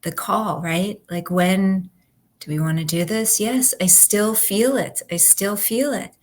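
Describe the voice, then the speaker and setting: Slow, halting woman guest. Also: medium pitch, a little mellow. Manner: halting, searching for words. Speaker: guest co-host. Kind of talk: reflective personal chat.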